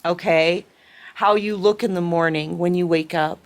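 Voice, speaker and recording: A woman's voice: fairly low pitch, fairly even intonation, normal speed. A woman giving a collective tarot reading, speaking with emotion and sometimes acting out what others said. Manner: emotional, acts out quoted pleas. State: tearful at times. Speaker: tarot reader.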